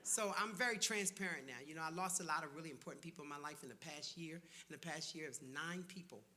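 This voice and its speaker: Bright-voiced preacher doing stand-up. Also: male voice, a little high, fast. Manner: storytelling with punchy asides and audience call-outs. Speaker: pastor doing stand-up comedy. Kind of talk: church stand-up comedy. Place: church stage before a live audience.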